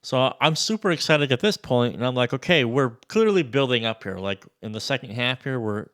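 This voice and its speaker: A man demoing a sample library in a casual, excitable walkthrough, loose and swearing freely. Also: medium pitch, smooth. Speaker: music producer reviewing a sample library.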